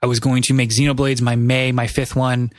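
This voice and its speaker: A man's voice: medium pitch, level tone, fairly quick, dry recording. Male podcast host, mid-range voice, chatty and meandering with frequent self-corrections, dry mic. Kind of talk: casual chat.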